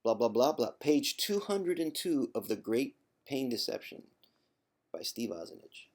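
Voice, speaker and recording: A man, a former chronic pain sufferer, talking straight to camera in a vlog with an emphatic, teasing tough-love delivery, clearing his throat now and then. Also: medium pitch, very animated, unhurried, darkish tone. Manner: conversational, with frequent throat clearing. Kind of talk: direct-to-camera vlog monologue.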